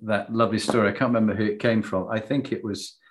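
A man hosts an interview with a fairly low voice. He tells stories in an animated, self-deprecating way and laughs at himself. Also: fast, a little hiss or hum. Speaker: host. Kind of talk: conversational interview.

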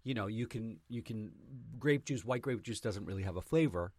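Teasing podcast cohost dude, bouncy up and down voice, dry mic. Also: male voice, lowish voice, moderate pace, breathy edge, no echo. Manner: teasing, asks questions, lively reactions. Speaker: podcast co-host. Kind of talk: casual chat.

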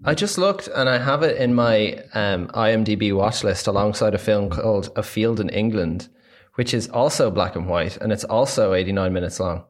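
A man's voice: lowish voice, moderate pace. A man co-hosting a podcast, chatting casually about films and asking stammering, easygoing questions. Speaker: podcast co-host. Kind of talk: casual film review chat.

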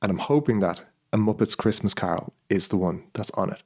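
Husky, a little mellow, and on the low side, this podcast host's voice moves fairly quickly. During a casual chat he wanders through a long story, often pausing to check in with those listening.

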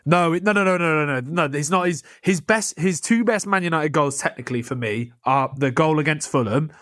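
A man's voice: a little high, fairly bright tone, dry recording, studio quality. Passionate young man talking football. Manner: passionate, rapid, many restarts. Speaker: podcast co-host. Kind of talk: casual football chat.

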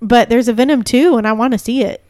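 A woman in casual chat, chatty and animated, as a podcast co-host. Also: a little high, quick pace, dry recording, studio quality. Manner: chatty, animated, laughs easily.

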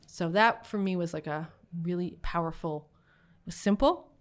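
A middle-aged woman guest on a podcast, telling funny family stories in a casual, animated way, laughing often and acting out what relatives said. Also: fairly low pitch, moderate pace. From Canada. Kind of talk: casual storytelling interview.

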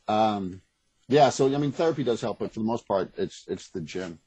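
A deep, husky man talks quickly and frankly in a rambling interview, swearing as he goes. The recording is close and dry. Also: expressive, warm tone, no echo, rough recording. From Boston area. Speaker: author and guest. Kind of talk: casual interview conversation.

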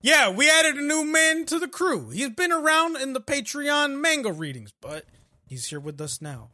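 A man hosting a casual podcast, joking loudly and repeating lines like chants. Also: very high-pitched, very animated, normal speed. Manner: loud, joking, chanting repetition. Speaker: podcast host. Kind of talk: casual banter.

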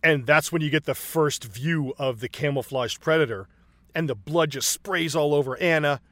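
A man's voice: on the high side, normal speed, pushed and bright, no room sound. A man casually and profanely retelling movie scenes, acting out the characters' lines.

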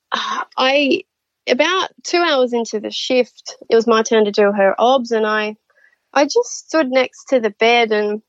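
Aussie woman telling stories, kinda high voice, laughs a lot, dry slightly dull audio. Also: no echo. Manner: animated, laughs often, acts out quotes. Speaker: guest, nurse and medium. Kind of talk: casual storytelling chat.

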